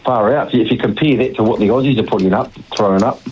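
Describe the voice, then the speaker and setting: A man's voice: fairly low pitch, fast, a little mellow, lo-fi sound, slight background noise. A man from New Zealand phoning in to a radio show, talking in a rambling, hesitant way full of "mate" and fillers. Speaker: radio caller. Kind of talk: phone-in chat.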